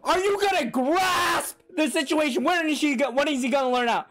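Reacting live to an anime episode at normal speed, this man's very high voice erupts in shouts and gasps. He's profane and excitable, answering back to the characters as he watches.

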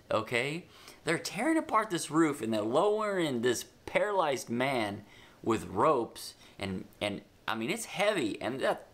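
Retelling a Bible story for a children's lesson, a man speaks with animated emphasis and drops in casual asides, his voice medium in pitch. He eases into a slower pace to dictate notes.

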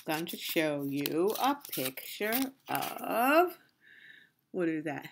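Slow sing-song woman teacher. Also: mid-range voice, very animated, creaky, heavy background noise. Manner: slow, sing-song, encouraging, with questions and pauses for answers. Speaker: preschool teacher. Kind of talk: video lesson for young children.

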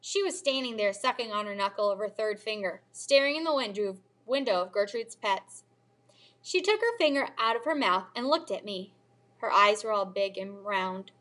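A teacher reading a children's novel aloud with expressive storybook delivery. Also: female voice, mid-range voice, moderate pace. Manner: expressive storybook reading, lively character voices.

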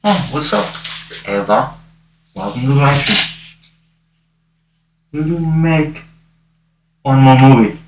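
A man's voice: medium pitch, expressive, slow, long pauses. A man playing Deadpool, a wisecracking masked antihero, chatting with viewers in a rambling, jokey way on a livestream. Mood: playful. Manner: rambling, jokey, mock-begging. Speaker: cosplayer livestreaming. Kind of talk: livestream chat in character. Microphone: phone on livestream. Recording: echoey room, far from mic, noisy.

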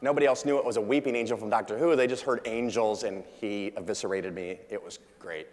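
A man's voice: fairly low pitch, fast, background noise. Chatty man speaking in a reverberant hall. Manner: chatty, jokey, acts out quotes. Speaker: conference speaker. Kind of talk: casual conference talk. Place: large conference hall.

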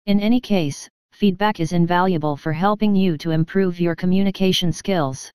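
Woman reading course lesson, crisp and dry. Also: fairly low pitch, moderate pace, darkish tone, no room sound. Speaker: course narrator. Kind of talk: scripted narration.

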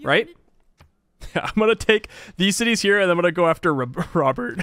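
Lively, chatty young man streaming. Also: high voice, moderate pace, no room sound. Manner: chatty, jokey, laughs often, talks to himself and chat. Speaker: streamer playing a strategy game. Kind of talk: casual gameplay commentary.

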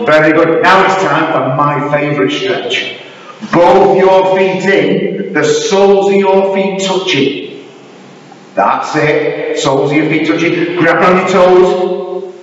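A man leading a young children's martial arts class. He is encouraging and playful, and he counts aloud with loud shouts. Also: a little high, takes it slowly, muffled recording. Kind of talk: kids' exercise class instruction. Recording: roomy hall audio from a distant mic.

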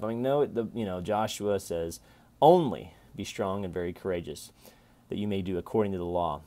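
A man in his forties giving a casual Bible reflection to camera, chatty and repetitive, with sudden loud playful callouts. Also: low voice, normal speed, soft background music. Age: 40s. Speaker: vlogger reading and reflecting on scripture.

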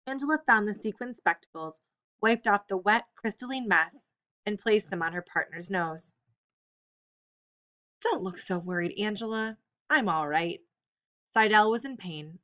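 A woman reading an audiobook, telling the story in a steady, expressive way. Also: medium pitch. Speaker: audiobook reader. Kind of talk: audiobook narration.

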